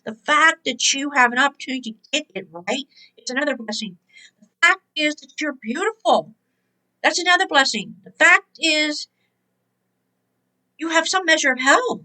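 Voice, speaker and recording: A woman's voice: high-pitched, moderate pace, bright, forceful tone, rough recording. A woman hosting a spiritual motivational talk, emphatic and exhorting, repeating her key words. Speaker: host and motivational speaker.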